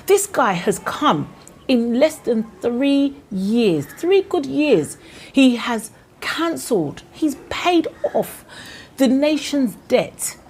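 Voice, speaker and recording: A woman's voice: sits high, sing-song, slow pace, a little mellow, a little hiss or hum. A woman from Ghana with a Ghanaian accent, delivering an impassioned, indignant opinion vlog full of rhetorical questions. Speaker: vlogger.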